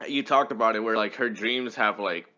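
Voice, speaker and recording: A man's voice: on the low side, normal speed, sharp tone, highs cut off. A man co-hosting a podcast, chatting casually and swearing as he talks. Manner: laid-back, swears, laughs between points. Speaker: podcast co-host. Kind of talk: casual chat.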